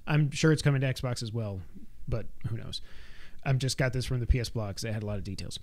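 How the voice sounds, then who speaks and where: Male podcast co-host, casual, mid-pitched, reads news with wry interruptions. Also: quick pace, a little mellow. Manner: reads press copy with asides and jokes. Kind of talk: casual chat, reading news aloud. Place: home.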